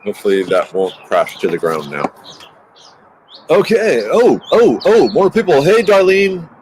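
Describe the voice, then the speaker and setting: A man hosting a casual outdoor livestream, talking extra loud into a handheld microphone. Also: a little high, sing-song, unhurried, noisy background. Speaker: livestream host. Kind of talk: casual livestream chat greeting viewers. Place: outdoors near a busy highway. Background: birdsong.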